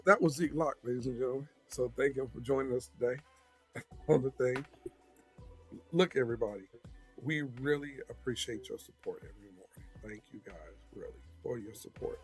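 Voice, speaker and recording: A man co-hosts a casual morning livestream from a video call. His talk is relaxed and chatty, easygoing in a mid-range voice. Faint music plays softly behind him. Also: mid-range voice. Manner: relaxed, chatty, gives shout-outs. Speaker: co-host.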